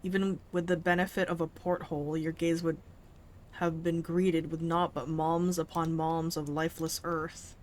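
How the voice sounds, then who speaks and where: A woman's voice: low-pitched, level tone, normal speed, slight background noise, close to an everyday voice. A woman reading aloud the part of a courteous male military airship captain, in stiff formal phrasing and her own voice. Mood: explaining. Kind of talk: reading game dialogue aloud.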